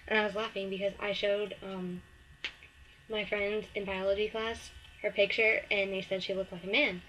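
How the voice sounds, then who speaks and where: Teen girl vlogger, rambling gossip story, mid pitch, faint hiss behind her. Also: level tone, normal speed, fairly bright tone, poor audio. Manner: chatty, lots of "like" and "um", acts out the other girl in a snippy higher voice. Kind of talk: casual storytelling to camera.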